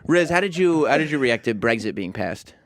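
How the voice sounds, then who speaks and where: A man's voice: medium pitch, sing-song, fairly quick, a crowd in the background. A man hosting a radio show, chatty and prone to long, rambling questions. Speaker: radio host. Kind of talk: casual studio interview. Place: radio studio. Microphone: studio microphone.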